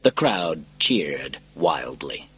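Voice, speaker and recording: A man narrating an adventure storybook in a dramatic, lively reading style. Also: extremely low pitch, drawn-out words, slightly rough, faint music behind.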